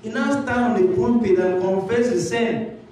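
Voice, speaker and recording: A man's voice: high-pitched, moderate pace, a little mellow, heavy reverb, distant mic, slight background noise, low-quality recording. A man preaching a sermon, retelling a story and acting out the people in it with repeated emphatic phrases. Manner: storytelling sermon, voicing characters in quotes, repetitive emphatic phrasing. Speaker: pastor.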